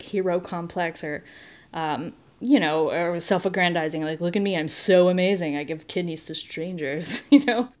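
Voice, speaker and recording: A woman telling a personal story to an interviewer, expressive, laughing often and acting out the voices of people in it. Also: lowish voice.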